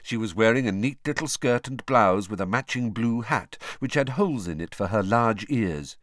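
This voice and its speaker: In scripted audiobook narration, a lowish-voiced man tells the story with expressive flair at a moderate pace. The recording is dry, with clean studio sound.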